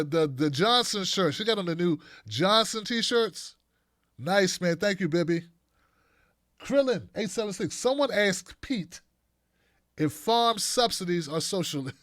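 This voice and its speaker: A man's voice: high voice, a bit bright, dry recording, studio quality. A man hosting a live show, reading out viewer donations and comments in a loose, joking way, laughing often. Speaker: host. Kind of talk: casual livestream chat reading donations.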